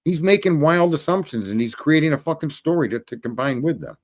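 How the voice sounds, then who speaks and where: A man hosting a ranting livestream, talking profanely and combatively as he calls out commenters by name. His voice sits a touch high for a man and moves with a lively, swinging pitch. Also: fairly quick. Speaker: livestream host.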